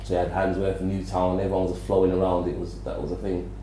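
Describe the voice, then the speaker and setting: A middle-aged man from Birmingham, England, whose Birmingham accent is mixed with South London, chats loosely as a podcast guest in a casual interview, full of restarts and fillers. His voice is deep, warm and monotone, and he talks fast. The room is echoey, with slight background noise.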